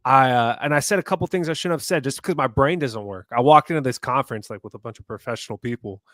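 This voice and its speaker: A man co-hosting a sports podcast, telling self-mocking stories in an animated way. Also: medium pitch, quick pace, dry recording. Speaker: podcast co-host. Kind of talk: casual sports podcast chat.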